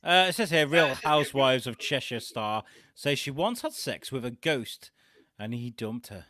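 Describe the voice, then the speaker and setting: Chuckling man, bright and dry. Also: medium pitch, expressive, no echo. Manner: halting, many restarts and laughs. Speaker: co-host. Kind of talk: casual comedic news chat.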